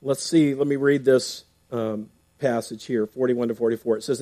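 A man's voice: medium pitch, steady tone, normal speed, hardly any pauses, warm tone, no echo. Conversational male pastor preaching. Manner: conversational preaching with fillers and repeated restarts. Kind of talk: sermon with scripture reading.

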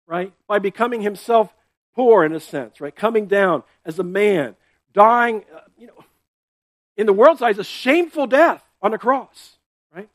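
A man's voice: high-pitched, animated, normal speed, no echo. A man pastor giving a sermon in a conversational way, often checking in with "right?" and "okay?" and repeating words as he explains.

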